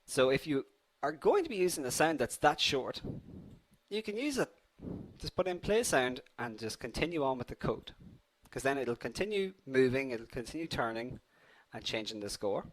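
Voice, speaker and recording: Young male host for a live coding tutorial: animated, chatty, mid-pitched, mild cold. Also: moderate pace, a little hiss or hum. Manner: upbeat and chatty, addresses viewers as guys. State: has a slight cold. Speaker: coding instructor hosting a live class. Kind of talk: live online tutorial with viewer poll and questions.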